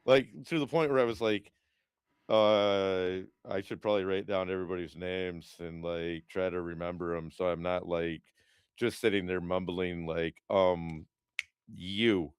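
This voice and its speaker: Man, deep smooth voice, dry close sound, casual rambling chat, swears a lot, podcast co-host. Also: steady tone, a little slow, no room sound. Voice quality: smooth low voice. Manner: rambling, profane storytelling with lots of fillers.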